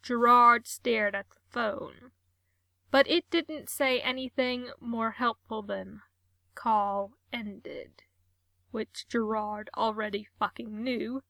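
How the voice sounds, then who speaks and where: A woman reading a comic story aloud in a wry, expressive way. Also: on the high side, slow pace, vocal fry, no room sound. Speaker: story reader.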